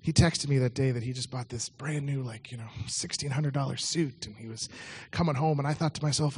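A man's voice: mid-range voice, fairly quick, few pauses, slightly rough. A man preaching a sermon, telling a story in a conversational way with frequent restarts.

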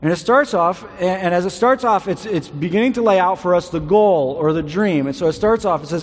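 A man preaching a sermon, animated and conversational, often repeating words as he paraphrases scripture. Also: high voice, a little fast, few pauses. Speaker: pastor. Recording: long reverb of a large hall.

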